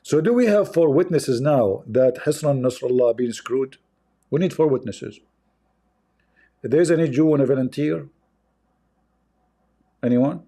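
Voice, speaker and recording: Man, mocking and mellow. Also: medium pitch, measured pace, pauses often. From Arab world. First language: Arabic. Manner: sarcastic, repetitive, chuckling asides. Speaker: livestream host. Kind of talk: mocking livestream commentary.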